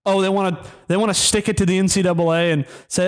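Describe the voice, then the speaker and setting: Talking fast with a steady tone and few pauses, this sports podcast host rants heatedly and mockingly about college football on his own, his pitch leaping as he gets fired up. Eventually he eases into a meandering sign-off packed with ums.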